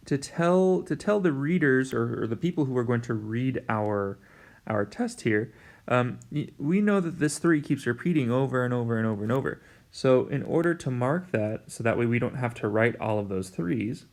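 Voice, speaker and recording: A man's voice: mid-range voice, darkish tone. Chatty male math teacher explaining steps. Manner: casual and chatty, talks to students directly and jokes at his own slips. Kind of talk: recorded math lesson at a whiteboard.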